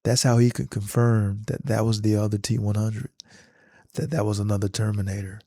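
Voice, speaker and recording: A man casually retelling a movie scene in an animated, slangy storytelling manner. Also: lowish voice, moderate pace, dry recording, clean studio sound. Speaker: vlogger.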